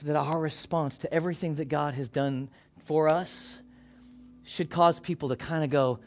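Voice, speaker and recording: A man with a high voice preaching to a church congregation. He delivers an impassioned sermon, rising to loud calls and then dropping to hushed, almost whispered lines. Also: steady tone, normal speed. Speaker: pastor. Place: church service before a congregation.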